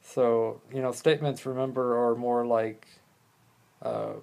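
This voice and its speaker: A man's voice: medium pitch, little pitch movement, measured pace, vocal fry, darkish tone. A man hosting his own talk show alone, speaking in a loose, rambling way with plenty of swearing and jokes at his own expense. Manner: rambling, profane, joking at himself. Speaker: podcast host. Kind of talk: casual solo talk on listening skills.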